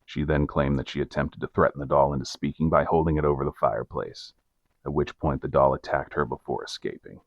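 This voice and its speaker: A man with a very low, gravelly voice reads a mock true-crime case in a measured, deadpan way. The recording is dry and close, with a slightly dull, lo-fi sound. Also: no echo. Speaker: podcast co-host narrating the case.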